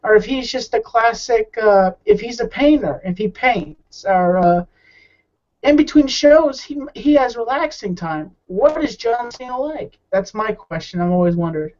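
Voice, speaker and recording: A man's voice: high-pitched, lively intonation, unhurried, darkish tone. A man being interviewed as a guest, talking in a rambling, hesitant way with many restarts. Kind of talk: casual interview chat. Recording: muffled lo-fi audio.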